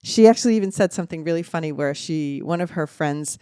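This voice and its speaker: A woman's voice: sits low, fast, clear, resonant tone, no room sound, clean studio sound. A middle-aged woman with a New Jersey accent, chatting emphatically as a podcast co-host. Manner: animated, emphatic, talks over others. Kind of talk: casual chat.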